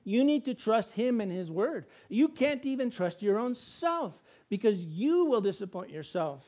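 A man preaching a sermon with an emphatic, repetitive cadence and sudden loud bursts. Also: high voice, sing-song, measured pace.

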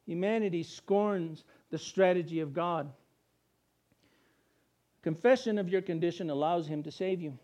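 A man preaching a sermon with an emphatic, repetitive cadence and sudden loud bursts. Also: high-pitched.

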